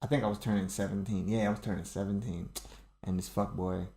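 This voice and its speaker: A man's voice: on the low side, steady tone, fast, gravelly, dark tone, roomy sound. A man co-hosting a casual chat at home, laid-back and stumbling over his first words. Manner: laid-back, repeats words when starting. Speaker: podcast co-host.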